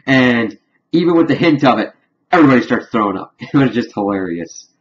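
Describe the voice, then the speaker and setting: A man reviewing a cartoon episode in a casual spoken recap, retelling it animatedly and dipping quiet then loud. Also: mid-range voice, lively intonation, a little fast. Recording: dull lo-fi with faint hum.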